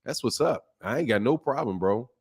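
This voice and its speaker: A middle-aged man hosting a boxing live stream, chatting casually with viewers while he keeps his slightly strained voice soft. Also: mid-range voice, expressive, a little fast, husky. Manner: greets chat viewers by name, loose and joking. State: slightly strained voice, speaking softly. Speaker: boxing channel host.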